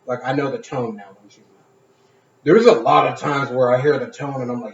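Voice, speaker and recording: A man's voice: mid-range voice, a little fast. A man in casual chat, telling stories with acted-out quotes and frequent swearing. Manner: animated storyteller acting out quotes, swears freely. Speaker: podcast co-host. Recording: echoey room, dull sound.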